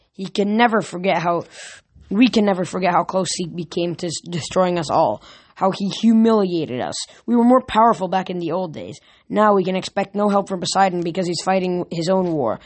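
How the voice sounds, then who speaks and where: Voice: medium pitch, a little mellow, close to an everyday voice. A reader voicing an irritable, grumbling male messenger god in a storybook reading.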